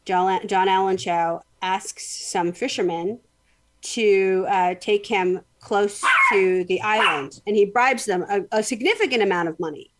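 A woman's voice: mid-range voice, a little slow, a little hiss or hum. A woman hosting a podcast, telling a story in casual chat, rambling with lots of fillers and restarts. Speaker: podcast host.

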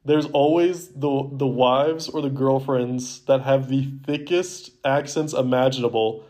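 A man's voice: mid-range voice, steady tone, measured pace, warm tone. A young man co-hosting a movie podcast in casual chat, rambling and filling his sentences with "like". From Baltimore area, US. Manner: rambling, heavy use of "like". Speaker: podcast co-host.

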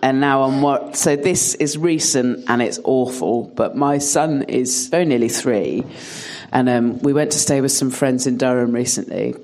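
A woman's voice: a bass voice, normal speed, background noise. A woman comedian telling comic stories in a chat, laughing as she talks. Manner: animated, laughs through her stories.

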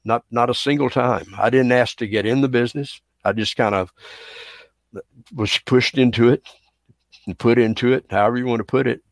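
A man's voice: mid-range voice, fairly even intonation, normal speed, vocal fry, no room sound. A man with a Texas Southern accent, a wrestling referee reflecting earnestly as a podcast guest. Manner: earnest, reflective, repeats words. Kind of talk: podcast interview.

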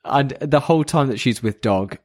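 A man's voice: medium pitch, lively intonation, moderate pace, a little mellow, no room sound, studio quality. A man co-hosting a casual podcast, eagerly chiming in with agreement and story details. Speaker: podcast co-host. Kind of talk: casual chat recapping an anime.

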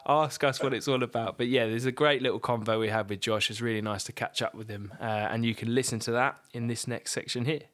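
Chatty young podcast host. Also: male voice, medium pitch, steady tone, fast, few pauses, a bit bright. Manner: chatty, jokey, laughs easily. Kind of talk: casual chat.

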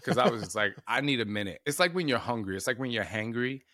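A man's voice: medium pitch, fast talker, bright, forceful tone, no echo, clean studio sound. A man in his forties hosting a podcast, chatty and casual, laughing often and using many fillers. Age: 40s. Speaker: podcast host.

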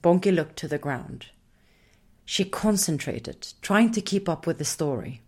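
Slow, low-voiced woman narrating a storybook. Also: expressive, husky.

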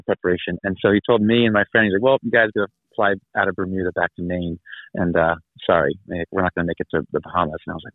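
The lowish voice belongs to a guest in his thirties on a tinny, phone-style call with no room sound. Casually storytelling, he meanders through a long account of his travels, laughing and acting out each person.

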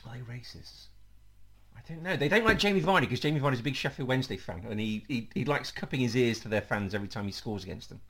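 A man's voice: mid-range voice, animated, rapid-fire, hardly any pauses, a bit bright. A man hosting a casual football podcast, chatty, with frequent ums and laughs. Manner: chatty, laughs often, fills with um. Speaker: podcast host.

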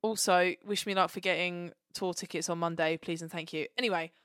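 A woman co-hosting a podcast, chatting in an excitable, playful and sweary way. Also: lowish voice, brisk, clear, resonant tone, dry recording, studio quality. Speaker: podcast co-host. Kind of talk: casual chat.

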